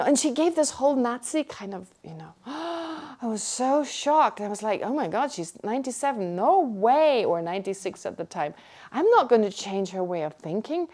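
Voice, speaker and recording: A middle-aged woman from Germany, giving a Buddhist teaching and telling a personal story in an animated way with frequent restarts. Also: mid-range voice. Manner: animated, restarts often, acts out her own shock.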